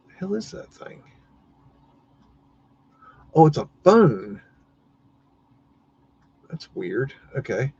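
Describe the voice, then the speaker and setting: A man's voice: mid-range voice, very animated, drawn-out words, pauses often, darkish tone, slightly rough, dry recording, lo-fi sound. A man hosting a live stream, chatting casually and rambling as he looks at buildings, muttering and swearing now and then. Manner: rambling, muttering, mildly cursing. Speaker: livestream host.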